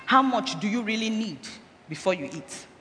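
A woman's voice: medium pitch, animated, normal speed, a bit bright, soft background music. A woman giving a health talk inside a sermon, urging her listeners and asking rhetorical questions. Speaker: church speaker. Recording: echoey hall, faint background noise.

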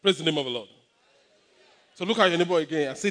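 A pastor preaching a sermon emphatically, repeating exhortations and calling for responses from the congregation. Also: male voice, fairly high pitch, fast, pauses often, a bit bright, long reverb tail, slight background noise.

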